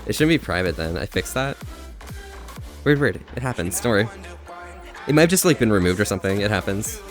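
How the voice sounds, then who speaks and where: A man's voice: on the low side, expressive, a little fast, soft background music. A young man livestreaming and chatting casually with viewers. He rambles energetically and laughs at himself. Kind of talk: casual live-stream chat.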